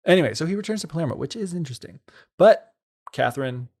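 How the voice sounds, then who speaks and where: A man's voice: on the high side, animated, quick pace, a little mellow. A man co-hosting a podcast, retelling a folktale in casual chat and playfully acting out the characters. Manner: playful, acts out characters with sarcastic quoted voices.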